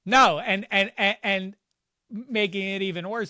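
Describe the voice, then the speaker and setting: A middle-aged man from around Pittsburgh with a warped, hard-to-place American accent, chatting as a guest on a sports podcast, animated and jokey with quick comic impressions. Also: high-pitched, no echo, studio quality. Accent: warped, hard-to-place Pittsburgh-influenced American. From Pittsburgh area. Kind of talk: casual sports podcast chat.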